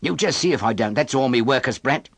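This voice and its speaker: A man reading an audiobook voices a rough, threatening older charity boy with coarse slang. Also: mid-range voice, animated, brisk, no room sound. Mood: bullying. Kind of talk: audiobook character voice.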